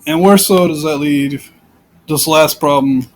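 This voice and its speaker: A man's voice: fairly high pitch, unhurried, a little hiss or hum, low-quality recording. A man giving informal, rambling commentary on scripture, repeating himself and piling up rhetorical questions. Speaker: Bible commentator.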